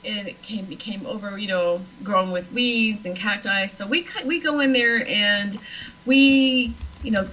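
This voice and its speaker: A woman's voice: medium pitch, unhurried, bright, forceful tone, slight background noise, poor audio. A woman from Nebraska, a paranormal investigator, chatting casually on a talk show with plenty of fillers. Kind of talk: casual chat.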